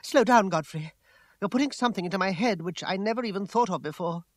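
A man's voice: high-pitched, quick pace, no room sound, pitched above the performer's own voice. A man reading an audiobook voices a proud, troubled young woman whose lines come out raised, emotional and pleading. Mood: wary. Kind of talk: audiobook character voice.

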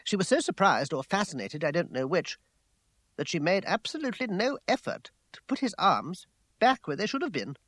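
A man reads a first-person story aloud in a measured, dramatic way. His voice is slightly higher than most men's. The recording is dry and close. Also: very animated, fairly bright tone, no room sound. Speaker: audiobook narrator. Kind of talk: scripted narration.

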